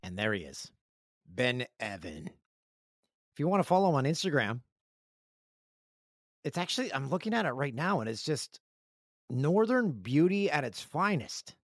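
Lively joking male podcast host. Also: mid-range voice, moderate pace, pauses often, dry recording, clean studio sound. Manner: joking, rambling storyteller. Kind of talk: casual chat.

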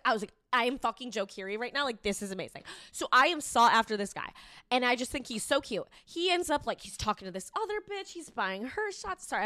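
A young woman co-hosting a podcast, telling a story in a lively, casual chat, laughing and swearing freely. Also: on the high side, no room sound, studio quality. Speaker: podcast co-host.

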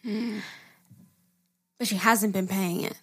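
A woman's voice: medium pitch, fairly even intonation, takes it slowly, a bit bright, slightly rough. A woman co-hosting a casual podcast, reading listener emails aloud, laughing often and swearing casually. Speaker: podcast co-host.

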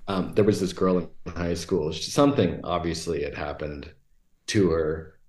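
A man talking as a podcast guest, telling blunt, animated stories with lots of fillers. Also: low voice, moderate pace, reverberant. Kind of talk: casual storytelling chat.

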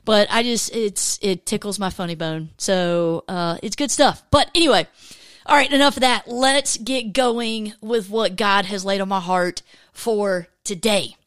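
A woman's voice: mid-range voice, measured pace, smooth, no room sound. A woman in her late forties with a lilt chats her way through a faith podcast. She tells stories with lots of energy and laughs easily. Her voice is close and dry, with no room sound around it. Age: 40s. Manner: chatty, laughs often, animated storytelling. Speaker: podcast host. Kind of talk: casual faith podcast chat.

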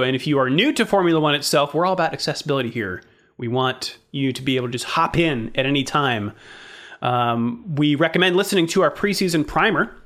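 A man's voice: a little high, a bit bright. A man co-hosting a podcast, reading the welcome and sponsor notes and trading dry quips. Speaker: podcast co-host. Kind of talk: casual chat with scripted intro.

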